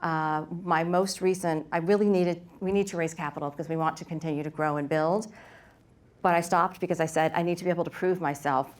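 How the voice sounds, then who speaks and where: A middle-aged woman speaks on a workshop panel about raising money for her bakery. Her voice sits a little low, and her talk is candid and lively, full of quick stories and asides.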